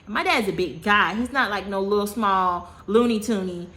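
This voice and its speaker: Animated woman in her thirties, telling a storytime. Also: medium pitch, moderate pace. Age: 30s. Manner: animated, dramatic retelling with repetition; slangy, self-mocking. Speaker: vlogger. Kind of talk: casual storytime.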